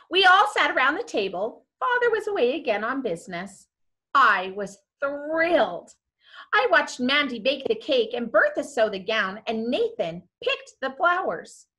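A woman teacher reads a storybook aloud to her class and talks it over with them, asking questions as she goes. Her voice sits high and bright, and she takes her time, letting every line rise and fall dramatically. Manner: expressive, asks listeners questions. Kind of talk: reading a book aloud to students and discussing it.

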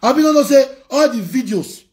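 A man's voice: extremely high pitch, expressive, normal speed, darkish tone. A man with a Nigerian accent, a blogger ranting heatedly, scolding and warning in a vlog.

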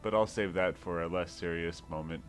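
A man commentating his game playthrough casually, reacting aloud with excited exclamations. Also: low voice, normal speed, soft background music. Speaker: let's play host.

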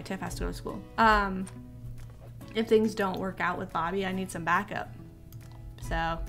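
A woman giving casual let's-play commentary, chatty and excitable as she reacts aloud to the game. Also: mid-range voice. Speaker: gaming video creator.

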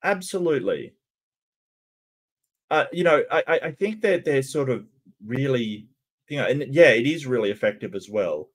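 A man's voice: medium pitch, lively intonation, normal speed, long pauses. A man talks through his reactions casually in a mid-range voice, stopping often to stammer, restart and fill the gaps with ums. He sounds unscripted and thinking aloud, like a host chatting to his viewers. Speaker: channel host reacting to cartoon clips.

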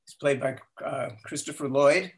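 An older man telling stories as an interview guest. He talks in an animated way, acts out the quotes and often restarts his sentences. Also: fairly high pitch, normal speed. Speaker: guest, language inventor. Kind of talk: storytelling interview.

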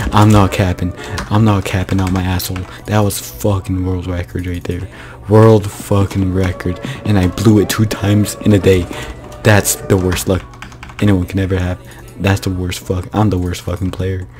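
A man's voice: low voice, darkish tone, rough recording. A man commentating on his own speedrun, exasperated and swearing as he berates himself. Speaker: speedrunning gamer. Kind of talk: frustrated gameplay commentary. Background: game music.

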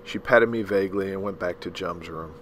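A man's voice: deep voice, fairly bright tone, a little hiss or hum, poor audio. Man reading a novel aloud. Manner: measured, dramatic storytelling with a few slips. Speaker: audiobook reader. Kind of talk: scripted narration of a novel.

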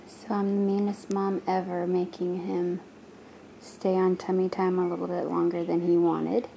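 A woman casually narrating a roleplay vlog at home, gently chatting as a mom. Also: fairly low pitch, flat delivery, moderate pace, vocal fry, background noise. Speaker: doll roleplay vlogger. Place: at home indoors.

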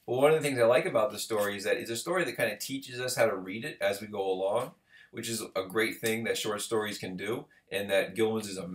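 A man giving a recorded literature lecture in a conversational way, often checking in with the listener. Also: fairly low pitch. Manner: conversational, checks in with "right?" and "okay". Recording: roomy echo.

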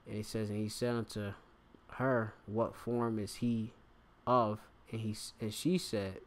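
A man's voice: on the low side, a little mellow. A man giving an informal scripture lesson, reading verses aloud and stopping often to explain words, with many fillers. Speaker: bible teacher.

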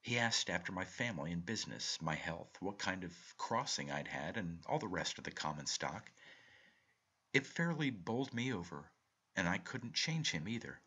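A man reading a short story aloud, telling it in a measured, expressive first-person narration. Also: sits low, husky. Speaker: reader.

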